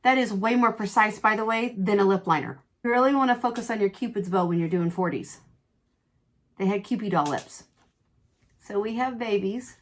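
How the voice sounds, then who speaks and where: A middle-aged woman chatting through a makeup tutorial, candid and quick to exclaim, telling a personal story as she works. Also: mid-range voice. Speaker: beauty vlogger.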